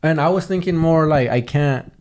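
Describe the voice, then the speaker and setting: A man's voice: on the high side, moderate pace, darkish tone. A young man telling a long personal story on a podcast, casual and rambling, swearing often and restarting his sentences. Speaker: podcast host.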